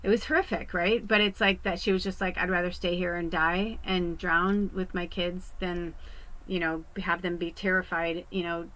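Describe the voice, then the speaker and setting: A woman's voice: on the low side, fairly even intonation, moderate pace, a bit bright, low-quality recording. Woman from the West Coast, psychic medium, chatty rambling delivery with casual swearing. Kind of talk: casual spiritual monologue. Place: home podcast set.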